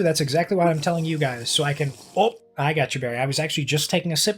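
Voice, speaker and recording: A young man chatting casually while streaming a game, rambling, swearing freely and getting excited easily. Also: a little high, very fast, soft background music. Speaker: livestreamer. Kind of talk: casual live-stream chat while gaming.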